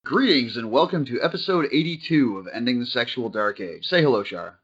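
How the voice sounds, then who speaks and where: A man hosting a podcast, talking in a brash, profane, animated way and opening with a scripted intro. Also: mid-range voice, brisk, husky, soft background music. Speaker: podcast host. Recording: dull lo-fi call audio.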